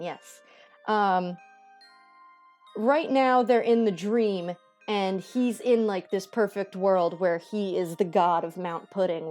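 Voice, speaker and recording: A woman's voice: medium pitch, a little mellow. A young woman streaming a game, chatting casually and joking about what she reads. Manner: giggly, joking asides. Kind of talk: casual let's-play commentary.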